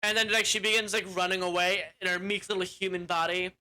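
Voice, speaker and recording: A young man with a bright, edgy voice talks through a movie plot in a loose, rambling way. He is crude and casual, and he strings his thoughts together with "like" and restarts. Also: high voice, little pitch movement, quick pace. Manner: rambling, crude, with frequent "like" fillers. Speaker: movie reviewer.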